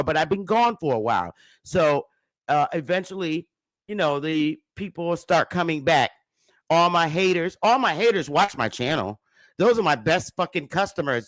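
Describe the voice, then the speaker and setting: Blunt, profane woman ranting on a livestream. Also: no room sound. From Bridgeport, Connecticut. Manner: swings between loud animated bursts and low quieter stretches. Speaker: livestream host. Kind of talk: casual livestream rant to her audience.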